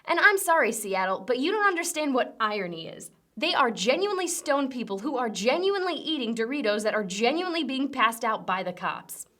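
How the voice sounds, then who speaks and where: A woman's voice: high-pitched, big pitch swings, brisk, hardly any pauses, pushed and bright. A young woman hosting a comedic news rundown, delivering sarcastic punchy jokes. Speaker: host.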